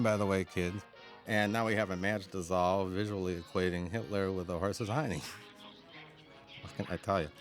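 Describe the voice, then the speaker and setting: A man giving a chatty DVD audio commentary as a film historian, chuckling often as he explains. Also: deep voice. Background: faint cartoon soundtrack.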